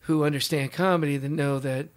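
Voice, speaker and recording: Comedian dude arguing his point, kinda high voice, keeps restarting lines. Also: steady tone, brisk. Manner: insistent, repeats and restarts. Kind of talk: casual chat.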